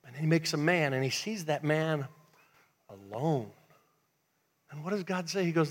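A male pastor preaching a sermon in church, telling a lively story and dropping to a hush for emphasis. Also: fairly high pitch, normal speed, long pauses. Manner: animated storytelling, swings from loud to hushed. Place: church sanctuary.

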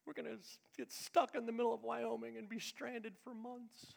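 A middle-aged man preaching a sermon as pastor, swinging between loud emphatic lines and hushed, confiding asides. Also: extremely high pitch, normal speed, vocal fry. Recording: long reverb of a large hall.

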